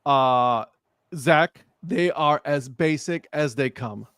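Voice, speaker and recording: A man on a casual sports talk stream, telling an animated story and acting out the dialogue. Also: on the high side, takes it slowly, smooth, no echo, studio quality. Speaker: co-host. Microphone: live stream remote mic.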